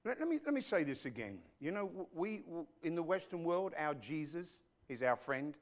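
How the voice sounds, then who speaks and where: A man preaching a sermon in church as the pastor, emphatic, dropping to a hush and rising to loud, speaking straight to his congregation. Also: fairly high pitch, big pitch swings, moderate pace. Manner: emphatic, swinging between hushed and loud; addresses the congregation directly.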